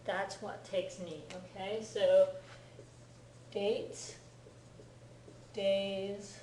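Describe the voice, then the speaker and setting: A woman's voice: medium pitch, warm tone, far from the mic, a little hiss or hum. A middle-aged woman teaching a class, explaining patiently and often checking that students follow. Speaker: Japanese language teacher. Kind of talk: classroom lecture. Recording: echoey classroom recorded from afar.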